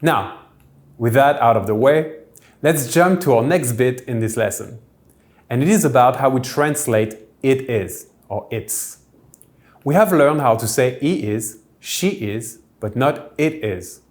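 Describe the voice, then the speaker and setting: Man as a patient language teacher, unhurried, even middle voice, spells out each French example. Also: medium pitch. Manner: clear, measured explanations, French words said slowly. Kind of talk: recorded language lesson. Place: church hall classroom.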